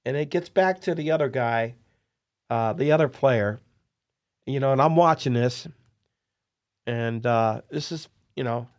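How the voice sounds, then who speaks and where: A man hosting a podcast, telling poker-dealing stories in an excitable, animated way. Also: medium pitch, measured pace, pauses often, lo-fi sound. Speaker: podcast host and poker dealer. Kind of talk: casual storytelling interview.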